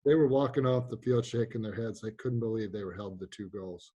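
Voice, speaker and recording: A man's voice: fairly low pitch, a little fast, warm tone, slightly rough, dull audio. A man in his sixties, a former college lacrosse player, eagerly recalling games with stumbling repetitions. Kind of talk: casual reminiscing.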